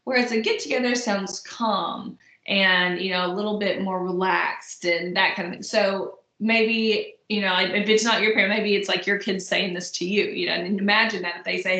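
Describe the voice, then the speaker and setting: A woman's voice: medium pitch, steady tone, moderate pace, few pauses, bright, forceful tone. A young adult woman giving a recorded college lecture in a casual, conversational way, with plenty of fillers and restarts. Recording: echoey room.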